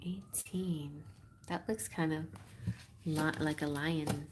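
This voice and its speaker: A woman from Texas with a Texan accent, chatting in a relaxed way and laughing often as she reads tarot on a live stream. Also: sits low, slow pace, background noise. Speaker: tarot reader.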